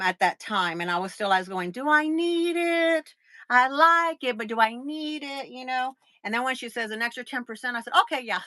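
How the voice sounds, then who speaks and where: A woman's voice: on the high side, pushed and bright, no room sound. A middle-aged woman with a Southern US accent, chatting to her livestream viewers and telling a long story full of fillers. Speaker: livestream host. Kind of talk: casual chat.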